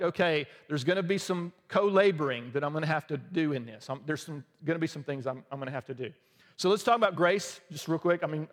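Conversational pastor in a reverberant hall. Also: male voice, on the high side. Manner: conversational, humorous preaching with quick asides. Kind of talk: sermon.

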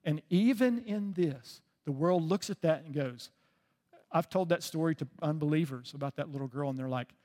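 A man preaching a sermon as pastor, telling a story with deep feeling and often dropping to a soft voice. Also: normal speed, big-room sound. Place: church sanctuary.

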